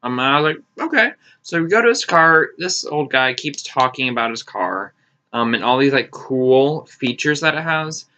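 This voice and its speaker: A young man telling a story in casual vlog style, animated and sarcastic, swearing freely and jumping into high mocking voices for quotes. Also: normal speed, smooth. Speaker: vlogger. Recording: slightly dull lo-fi audio.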